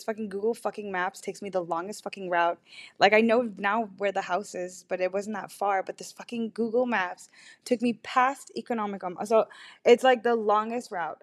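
A young woman hosting a podcast, telling a rambling, self-deprecating story in casual confessional talk, full of "like" and swearing. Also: mid-range voice. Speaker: podcast host.

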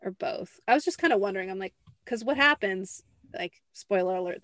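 A woman's voice: mid-range voice, lively intonation, a little fast, fairly bright tone, dry recording. A young adult woman hosting a podcast, talking casually and acting out quotes with lots of fillers. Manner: chatty, fills with "like", acts out quotes. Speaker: podcast host. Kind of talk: casual chat.

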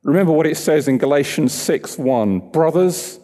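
Male preacher, mellow tone, conversational and engaging, long church echo. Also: fairly high pitch, normal speed. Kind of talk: sermon.

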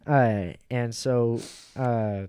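A man's voice: medium pitch, steady tone, extremely slow, mellow, clear, resonant tone. Rambling, profane young man. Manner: rambling, profane, filler-heavy. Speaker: podcast host and stand-up comic. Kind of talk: casual chat.

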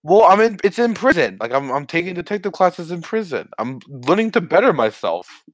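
Animated, laughing comedy-podcast voice. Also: medium pitch, fairly quick, no echo. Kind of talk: improvised comedy podcast chat.

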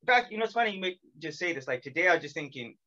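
A male podcast host chats loosely, stringing thoughts together with "like" and "uh". His voice sits a bit high for a man. The audio is dull and lo-fi, as over a call. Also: lively intonation, rapid-fire, sharp tone. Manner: rambling, heavy use of "like". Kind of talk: casual chat over a call. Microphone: remote call.

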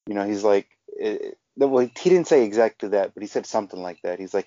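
A man's voice: on the low side, fast, hardly any pauses, dark tone, no room sound. A man co-hosting a casual podcast, rambling through anecdotes with many fillers. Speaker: podcast co-host. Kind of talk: casual chat, storytelling. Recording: dull lo-fi sound.

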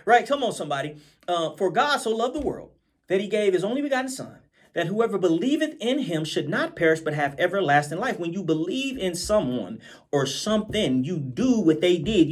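A man preaching an informal Bible study with animated delivery. He keeps repeating phrases, asks his listeners "right?" and slows down when he reads scripture. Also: high voice.

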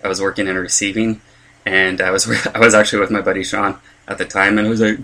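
A man's voice: low voice, little pitch movement, fast, bright, forceful tone. A young man, a stand-up comedian, rambling through a casual podcast monologue with lots of fillers and self-deprecating asides.

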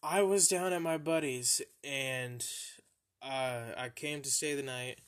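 Speaking at a slow pace in a mid-range voice, a young man runs a podcast where he casually narrates embarrassing things that happened to him. He swears liberally and laughs at himself throughout.

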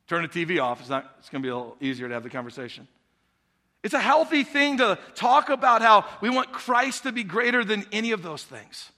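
A man's voice: high voice, big pitch swings, fairly quick, sharp tone. A male pastor preaching a conversational sermon in a church sanctuary, talking the congregation through an illustration and posing questions to them. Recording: long hall reverb.

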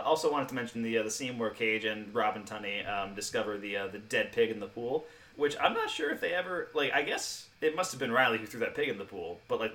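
A man co-hosting a podcast, chatting casually about a film, quick and animated, laughing often. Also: on the low side, recorded from a distance. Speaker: podcast co-host.

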